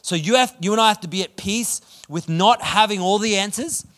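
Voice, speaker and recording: A man preaching a sermon, energetic and conversational as he tells stories. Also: high voice, a little fast. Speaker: pastor.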